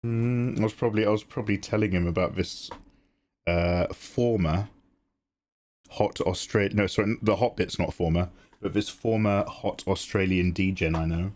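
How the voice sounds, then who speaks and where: A man's voice: sits low, steady tone, moderate pace, a little mellow. A sleepy young man chatting casually while drawing on a live stream, telling stories with frequent laughs and swearing. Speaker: art streamer.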